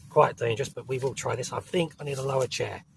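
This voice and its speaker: A man with a gravelly voice and a southern English accent talks to camera from inside a small hot tent in woodland. His rambling, chatty delivery is peppered with mild swearing and quick apologies. Soft outdoor ambience hangs faintly behind him. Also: mid-range voice, a little hiss or hum. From southern England. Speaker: camping vlogger. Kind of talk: casual talk to camera.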